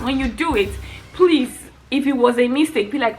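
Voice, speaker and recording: A young woman rants to her viewers in a casual vlog, exasperated and animated, often laughing as she talks. Her voice sits a little high. Faint music plays underneath. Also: normal speed. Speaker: vlogger.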